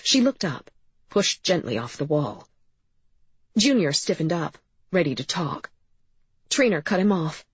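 A woman's voice: lowish voice, very animated, unhurried, pauses often, husky, no room sound. A woman reading a crime novel aloud in scripted narration, in a slightly dull, dry recording. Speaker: audiobook narrator.

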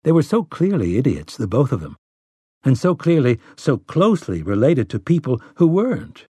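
A man narrating an audiobook in a measured storytelling manner. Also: medium pitch, big pitch swings, mellow, slightly rough, no room sound. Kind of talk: scripted narration.

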